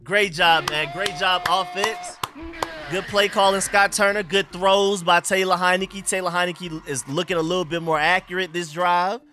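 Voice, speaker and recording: A man's voice: high voice, fairly even intonation, moderate pace, sharp tone, faint music behind. A young man hosting a live sports reaction stream, hyped and slangy, repeating himself as he reacts to the game. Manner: hyped, repeats phrases, slangy street talk.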